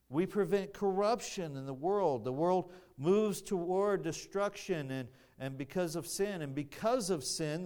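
A slow-paced male pastor delivers a sermon in a deliberate, emphatic way. His voice sits a little higher than most men's. He often circles back and restarts his phrases as he builds a point. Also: a little mellow, smooth.

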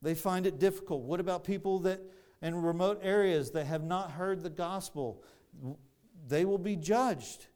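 A man preaching a sermon, explaining scripture in a measured way with frequent restarts. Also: high-pitched, darkish tone.

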